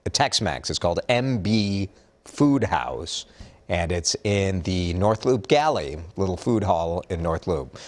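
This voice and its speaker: A man's voice: low-pitched, slow pace. A man with a Minnesotan accent anchoring a morning news update in a chatty, joking way. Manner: chatty, jokey, animated delivery.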